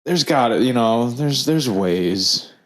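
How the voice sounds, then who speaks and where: A podcast co-host rambles through casual chat in a medium-pitched, animated voice, taking it slowly. His talk is loose, with lots of fillers and restarts.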